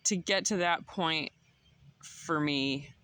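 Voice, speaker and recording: A woman's voice: low-pitched, slow, fairly bright tone. A woman, telling a personal story to her viewers in a casual vlog, laughing often and getting emotional. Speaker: vlogger.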